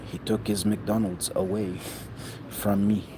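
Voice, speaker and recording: A man with a very low voice talks slowly, rambling from one thought to the next and trailing off mid-sentence. His speech is coarse and profane. Clear background noise runs under the recording. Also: flat delivery. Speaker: vlogger. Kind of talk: rambling monologue.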